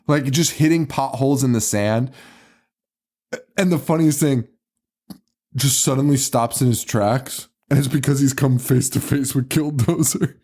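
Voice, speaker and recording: A man's voice: mid-range voice, measured pace, dark tone, husky. A man co-hosting a podcast, casually recapping a movie with lots of laughter, swearing and mock quotes. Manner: laughing, profane, retelling scenes with mock quotes. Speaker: podcast co-host.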